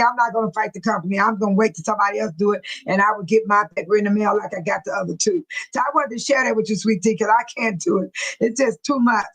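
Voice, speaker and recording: A woman's voice: medium pitch, fairly bright tone, rough recording. A middle-aged woman from California hosting a casual livestream from her home, chatting with viewers by name and laughing often. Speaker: livestream host. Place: home room near a bathroom.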